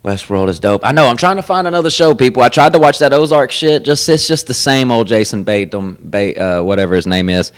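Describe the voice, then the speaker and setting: A man hosting a podcast in casual chat, rambling and profane, getting louder at times and laughing. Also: mid-range voice, expressive, a little fast, few pauses. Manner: profane, rambling, swings loud with sudden laughs. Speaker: podcast host. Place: comedy club.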